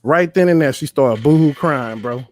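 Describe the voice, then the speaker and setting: Live-stream host, male, heated and profane storyteller, slightly high voice. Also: moderate pace, no room sound. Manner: profane, emphatic, storytelling rants. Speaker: livestream host. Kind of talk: heated casual commentary.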